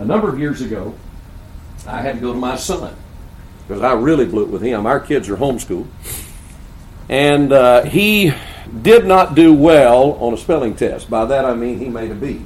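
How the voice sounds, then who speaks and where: A man's voice: medium pitch, expressive, normal speed, pauses often, a little mellow, a little hiss or hum. An older man preaching a sermon to pastors, with earnest, folksy storytelling.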